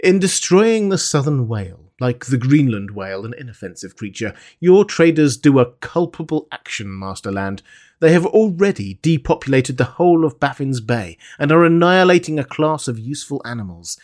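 A man's voice: mid-range voice, big pitch swings, a little mellow, lightly acted. A man reading a stern sea captain. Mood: reproving. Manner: firm, reproving, measured. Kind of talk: audiobook character reading.

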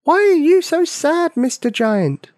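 A small, determined girl pipes up high and loud, pressing her point, as a male narrator puts her on. The pitch jumps well above his normal voice, in a storybook reading with a dry, close sound. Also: huge pitch swings, moderate pace, no room sound, heavily acted. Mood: yelling. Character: small brave young girl, bold and insistent.

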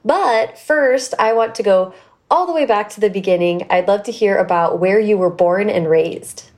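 Woman, podcast host, enthusiastic chatty delivery, average pitch. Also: normal speed, a little mellow. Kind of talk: podcast intro and interview.

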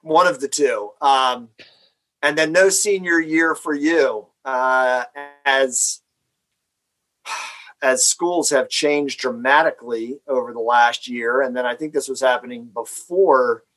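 A man in the host's chair of a casual podcast, relaxed and chatty, his voice sitting at an everyday middle pitch. He reads the sponsor lines briskly, then slips back into easy banter with his co-hosts. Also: poor audio. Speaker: podcast host.

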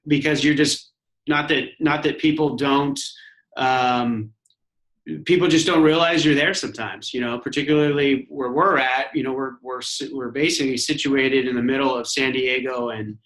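A man's voice: mid-range voice, fairly even intonation, moderate pace, a bit bright, reverberant, rough recording. A man from Arizona, a guest in a casual interview, speaking unhurriedly with frequent restarts. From Arizona, USA. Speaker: guest, commercial real estate owner.

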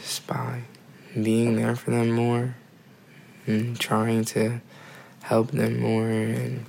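A teenage boy who is a podcast guest, giving quiet, brief, hesitant answers. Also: mid-range voice, completely flat delivery, drawn-out words, gravelly, slight background noise, rough recording. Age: teens. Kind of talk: podcast conversation.

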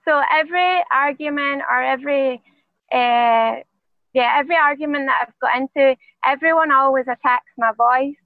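A woman with a Scottish accent, a professional fighter answering interview questions in a quiet, soft-spoken way. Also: sits high, normal speed, dry recording, narrow, tinny audio. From Scotland.

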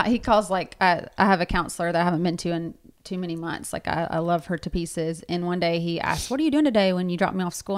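Chatty woman telling a story. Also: lowish voice. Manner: chatty storytelling, many fillers. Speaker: podcast co-host. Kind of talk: casual chat.

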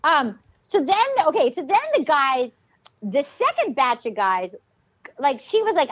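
Woman, blunt gossipy podcast chat, high voice, dry close sound. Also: very animated, unhurried, no echo. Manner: gossipy, blunt, swears casually. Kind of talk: casual chat. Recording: slightly dull lo-fi sound.

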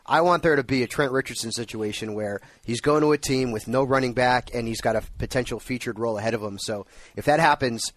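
A man's voice: mid-range voice, fast talker, few pauses. A man hosting a sports radio show, chatting enthusiastically and laughing easily into a studio microphone. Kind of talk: casual sports radio chat.

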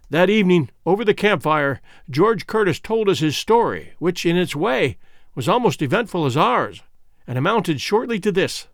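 Expressive male audiobook narrator. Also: sits high, dry recording, clean studio sound. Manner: measured first-person storytelling. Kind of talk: scripted narration.

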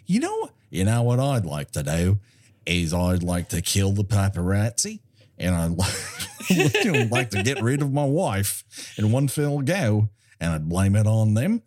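A mocking send-up of a scheming male movie star in a put-on Australian accent, as a man puts it on. The voice dips low and gleeful and keeps breaking into laughter. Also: wildly swooping pitch, unhurried, darkish tone, exaggerated voice.

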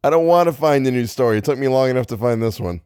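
A man's voice: mid-range voice, expressive, fast talker, a little mellow, smooth, no room sound, studio quality. A man reading old ghost stories aloud, often breaking off to joke about his own slips and grumble. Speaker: storyteller.

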